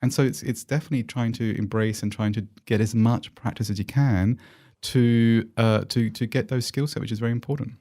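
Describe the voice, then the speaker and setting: A middle-aged man with an Australian accent, telling lively stories and giving encouraging advice as an interview guest, with many restarts. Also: medium pitch, a little fast. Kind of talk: casual storytelling interview.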